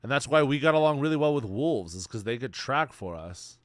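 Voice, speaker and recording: A young man streaming, chatting casually in a rambling, slang-heavy, excitable way. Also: medium pitch, brisk, no echo, studio quality. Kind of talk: casual chat.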